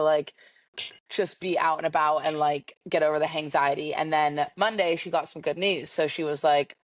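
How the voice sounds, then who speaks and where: A woman's voice: low-pitched, dry recording. A woman, telling a dating story as a podcast co-host and acting out the quoted dialogue. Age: 20s. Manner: chatty, animated, acts out quoted dialogue. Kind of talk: casual storytelling chat. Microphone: video call.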